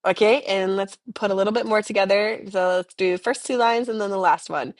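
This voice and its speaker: A young woman leads a recorded French lesson with patient, chatty explanations in English. She says each model phrase slowly and with careful enunciation, leaving space for students to repeat it. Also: mid-range voice. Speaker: French teacher. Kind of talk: recorded language lesson, repeat-after-me drills.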